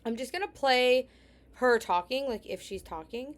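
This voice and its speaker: A woman reacts to videos with sarcastic, scolding commentary in a slightly high voice. She repeats her jabs for effect and keeps slipping into hushed asides. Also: expressive, normal speed. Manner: sarcastic, scolding, drops to near whispers. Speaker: commentary host.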